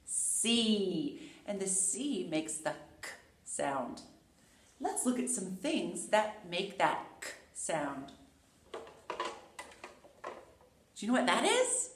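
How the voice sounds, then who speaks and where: A woman's voice: mid-range voice, drawn-out words, pauses often. A woman preschool teacher giving a playful letter lesson and reading a book aloud to young children. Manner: animated, playful, sing-song. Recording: roomy echo.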